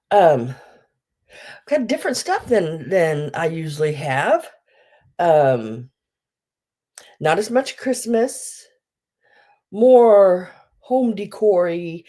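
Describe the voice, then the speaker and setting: Slow, low-voiced groggy woman host. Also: mellow. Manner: rambling, greets viewers by name. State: groggy morning voice, just woken up. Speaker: live sale host. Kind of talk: casual livestream chat.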